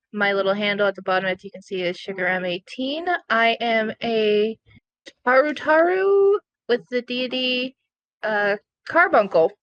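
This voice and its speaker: Slow-talking woman introducing her character. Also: medium pitch, fairly bright tone, dry recording, highs cut off. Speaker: player.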